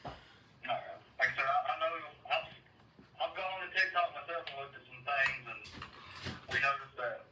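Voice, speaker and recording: Brief: halting male officer, tense bright tone, faint hiss behind. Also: medium pitch, steady tone. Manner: halting, repeats words, drawling southern phrasing. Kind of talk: recorded conversation. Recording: echoey and distant with faint noise.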